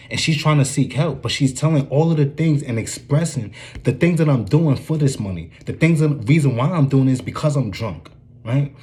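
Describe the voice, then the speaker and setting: Mellow-voiced man preaching earnestly. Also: medium pitch, animated, a little fast. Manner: earnest, repeats "you dig what I'm saying". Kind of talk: informal preaching commentary.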